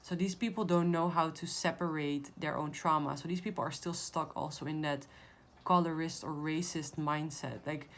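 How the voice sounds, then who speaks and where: A woman with a somewhat low voice talks straight to her viewers as she reads tarot cards. She is blunt and emphatic and swears freely in a casual tone. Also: steady tone, moderate pace. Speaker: tarot reader. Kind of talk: casual tarot reading to camera.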